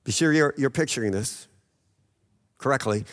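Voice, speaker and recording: A man's voice: mid-range voice, moderate pace, a bit bright, in a large hall. A man preaching a sermon, retelling a Bible story in a conversational way, often checking in with "okay?" and acting out the voices in it. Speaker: pastor.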